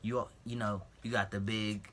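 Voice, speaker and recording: Low-voiced young man telling a story. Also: moderate pace. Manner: animated storytelling, acting out quotes. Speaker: vlogger. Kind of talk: casual storytime vlog.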